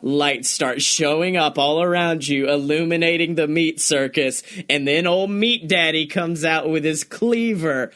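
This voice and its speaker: Young man, high-pitched, casual podcast chat, excitable, profane, laughs a lot. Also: a little slow, hardly any pauses. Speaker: podcast co-host.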